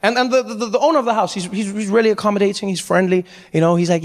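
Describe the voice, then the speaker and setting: A man with a South African accent, telling an animated stand-up story and acting out characters in an echoey hall. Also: high-pitched, very fast. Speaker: stand-up comedian. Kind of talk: stand-up comedy. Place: large hall with audience. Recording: echoey hall, faint crowd ambience.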